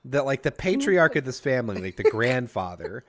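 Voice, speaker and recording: Rambling animated podcast guy. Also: mid-range voice, moderate pace, slight background noise. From Cajun family, mother from Louisiana. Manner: rambling, lots of fillers, animated storytelling. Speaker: podcast co-host. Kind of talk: casual chat.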